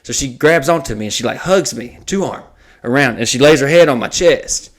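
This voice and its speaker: Male comedian-host, mid-range voice, casual, swearing, lively storyteller. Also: mid-range voice, brisk. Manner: profane, animated anecdote-telling.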